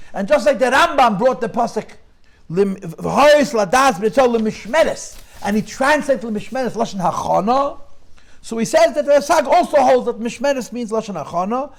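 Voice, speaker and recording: High-voiced man teaching a Torah class. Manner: mixes English with Yiddish and Hebrew terms, questioning.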